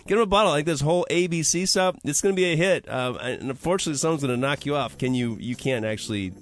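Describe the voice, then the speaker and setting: A man's voice: a little high, fast talker, no room sound. A man hosting a casual radio talk show from a studio, upbeat and chatty, laughing easily. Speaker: radio host.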